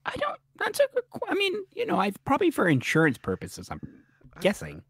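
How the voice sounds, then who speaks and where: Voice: mid-range voice, huge pitch swings, fairly quick, fairly bright tone. A podcast co-host in casual recap chat, reacting with sassy remarks and gasps.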